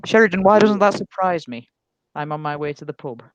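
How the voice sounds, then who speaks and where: A woman's voice: lowish voice, a little fast, clean tone, dry recording, highs cut off. A woman hosting a casual live stream, bantering and teasing her guests with lots of giggles. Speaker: stream host.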